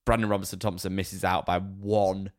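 Podcast co-host, man in his thirties, low voice, dry close sound, relaxed storyteller. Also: normal speed, no echo. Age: 30s. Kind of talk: casual chat.

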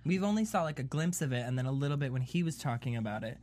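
A man's voice: medium pitch, lively intonation, racing, darkish tone, a little hiss or hum. A man on a TV recap panel who makes brief, matter-of-fact remarks. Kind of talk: casual TV recap chat.

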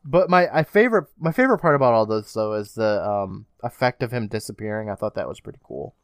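A man's voice: on the low side, animated, fast talker, clean tone, no room sound, studio quality. Male podcast co-host: casual, sarcastic, recapping scene by scene. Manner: chatty, swears casually, sarcastic asides.

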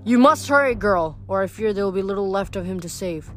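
A woman reading aloud, voicing a huge, cruel male giant who speaks in low rumbling taunts. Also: lively intonation, a little fast, fairly bright tone, soft background music, natural voice. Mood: menacing.

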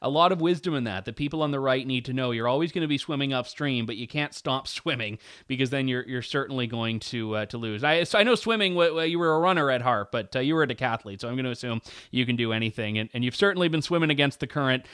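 Smooth-voiced male talk show host. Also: medium pitch, fast talker, hardly any pauses, a bit bright, no room sound, clean studio sound. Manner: earnest, with frequent small restarts. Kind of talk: interview and show sign-off.

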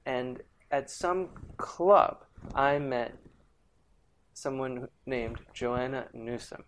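A man's voice: medium pitch, very slow, a little hiss or hum. A man who is a musician, chatting on a podcast and telling loose, rambling stories. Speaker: guest musician. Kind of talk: casual podcast chat.

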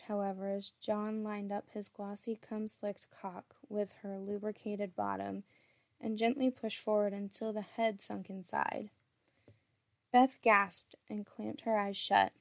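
A woman storyteller reading an erotic story in a steady, intimate way. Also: medium pitch, vocal fry, no echo.

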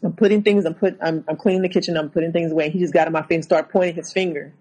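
A woman, a guest on an interview show, recounting a personal story haltingly, with many restarts. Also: lowish voice, fairly even intonation, mellow, rough recording.

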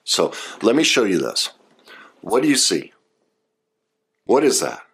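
Emphatic low-voiced man coaching. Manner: emphatic, acts out short example quotes. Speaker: coach giving advice. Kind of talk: direct-address advice talk.

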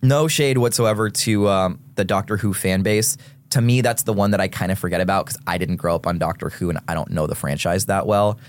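A deep-voiced man in his thirties, guesting on a casual podcast as a rapper, explains things in an animated, nerdy, theatrical manner, talking a little fast.

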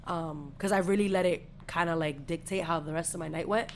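A woman's voice: lowish voice, a little fast, a little hiss or hum. A young adult woman, hosting a podcast and telling a story in casual chat full of swearing. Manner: profane, animated storytelling. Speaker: podcast host.

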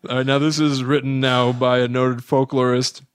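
A man's voice: mid-range voice, level tone, moderate pace, clean tone. A man co-hosting a podcast, reading a script aloud in a casual chat and often laughing through his lines. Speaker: podcast co-host.

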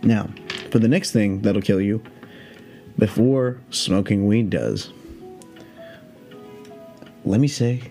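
A young man with a lowish voice rambles through a story, relaxed and high, swearing freely as he drifts off topic. Faint music plays behind him. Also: takes it slowly, creaky, long pauses. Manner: profane, meandering, laid-back. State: high on cannabis. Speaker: podcast host.

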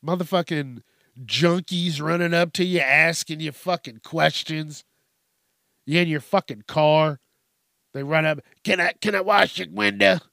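Young man, fairly high voice, dry close mic, profane rambling comic rant. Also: pushed and bright, dry recording. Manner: rambling, swears constantly, laughs at his own jokes. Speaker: podcast host.

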